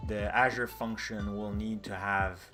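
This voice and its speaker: A man's voice: fairly low pitch, little pitch movement, measured pace, bright, forceful tone, faint music behind. A man co-hosting a live stream, chatting casually and reading out viewer questions. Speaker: co-host.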